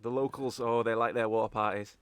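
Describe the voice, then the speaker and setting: A man's voice: medium pitch, fairly even intonation, brisk, a bit bright, clean tone, dry recording, natural voice. A man voicing a male local contact with a put-on Scottish accent, folksy and full of "aye". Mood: conspiratorial. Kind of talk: in-character voice in a tabletop game.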